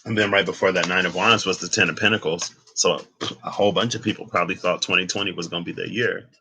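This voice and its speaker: A man's voice: low-pitched, fairly even intonation, fast talker, pushed and bright, slight background noise, poor audio. A man giving a casual, rambling tarot reading, thinking aloud with asides and bursts of laughter. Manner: laughs and exclaims between points. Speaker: tarot reader.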